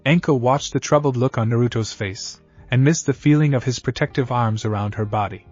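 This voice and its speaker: Guy reading a story in an even voice, kinda muffled, soft music underneath. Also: mid-range voice, a little fast. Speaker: narrator. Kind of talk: scripted fan-fiction narration.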